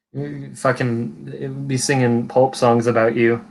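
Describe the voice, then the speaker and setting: His voice is medium-pitched, gravelly, pushed and bright: a California-accented man hosting a livestream chat, rambling with frequent restarts and offhand swearing.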